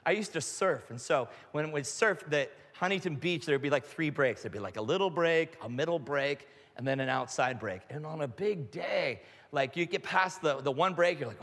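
Male pastor, middle-aged, animated preacher with a high, lively voice in a reverberant hall. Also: normal speed. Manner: animated, acts out quotes with big pitch jumps, shouts. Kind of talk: animated sermon with storytelling.

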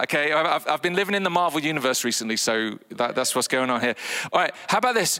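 A man preaches a sermon in a lively, animated way, slipping into acted voices with wide pitch swings. His voice is bright and forceful, and it rings with the long reverb of a large hall. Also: quick pace.

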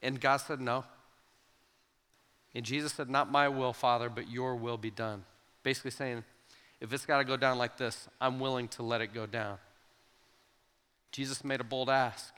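A youth pastor preaching a sermon to students, animated and emphatic, acting out the voices in the stories he tells. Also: medium pitch, moderate pace, long pauses, clean tone. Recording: long hall reverb with soft guitar.

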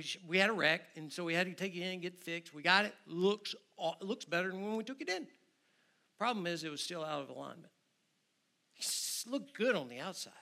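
A man with a high, very bright voice preaches in a church sanctuary, leading an invitation to prayer. He moves from loud, urgent appeals to hushed, prayerful lines, and soft music plays faintly behind him. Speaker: guest preacher, church member. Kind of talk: sermon with altar call.

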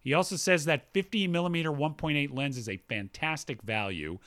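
A man's voice: a little high, fairly quick, fairly bright tone. A man co-hosting a casual talk show, reading listener emails aloud with his own asides. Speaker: podcast co-host reading listener mail. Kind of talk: casual chat.

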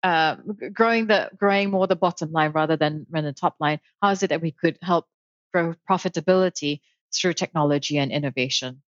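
A woman guest speaking in a thoughtful, measured way, with frequent ums and light laughs, about her career. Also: deep voice, dry recording, dull audio. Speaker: interview guest, author and founder. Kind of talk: casual conversational interview.

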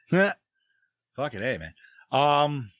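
A man hosting a horror movie podcast in loose, casual chat, his pitch swinging widely as he talks. He laughs often, swears freely and keeps losing his place in his notes. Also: sing-song, drawn-out words, fairly bright tone, no echo. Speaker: podcast host.

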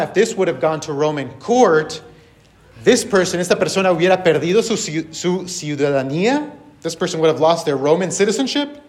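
A pastor giving a sermon to a church congregation, switching line by line between English and Spanish, with wry sarcasm. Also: high-pitched. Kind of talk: bilingual sermon, preaching in English and translating himself into Spanish.

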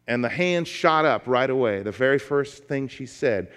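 A pastor preaches to his congregation, his man's voice pitched in an ordinary middle range. He moves from emphatic exhortation into folksy storytelling. The sound carries a long reverb, as if in a large church sanctuary. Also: lively intonation, normal speed, fairly bright tone. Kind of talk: sermon.

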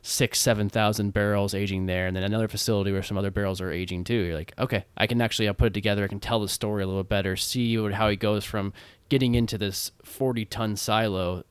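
A man hosting a casual podcast, animated and acting out the questions people ask him. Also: fairly low pitch, fast, smooth, dry recording. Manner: animated, acts out quoted questions.

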